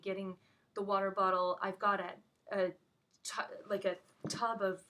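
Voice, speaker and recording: Woman telling what happened, rushed, keeps restarting, mid pitch. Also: bright, forceful tone. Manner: rapid, urgent, with frequent restarts. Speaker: witness recounting an incident. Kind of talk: emotional first-hand account.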